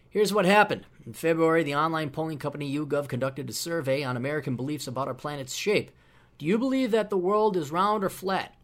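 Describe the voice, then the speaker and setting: A male podcast host talking on his own, opinionated and loose, full of fillers and asides. His voice sits a bit higher than most men's. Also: a bit bright. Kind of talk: casual podcast monologue.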